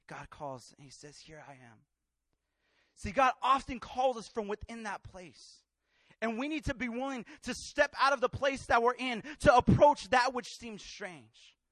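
A young man preaching a sermon, telling a personal story and acting out the voices in it, swinging from hushed tones to loud outbursts. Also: very high voice, dry recording.

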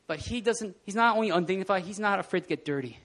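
A man preaching a casual, animated sermon in a church, often laughing and acting out scenes. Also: sits high, fast talker. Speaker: pastor. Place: church hall.

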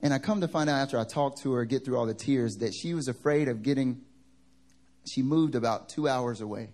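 A male pastor from the American South, preaching a sermon through funny personal stories, animated and joking. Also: medium pitch, brisk. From Southern United States. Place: church service.

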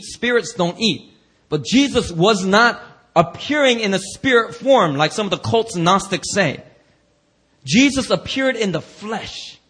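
A man preaches in church with a bright, husky voice that sits high and leaps around in pitch. He talks to the congregation in a loose, slangy way and keeps slipping into quoted voices to act out the story. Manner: animated, acts out quoted voices, slangy asides. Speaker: pastor. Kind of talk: lively sermon.

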